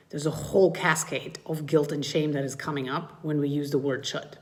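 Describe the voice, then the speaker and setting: A middle-aged woman coaching mothers in a live-streamed talk, speaking to viewers with animated swoops in her voice when she acts out feelings. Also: sits low, moderate pace, hardly any pauses.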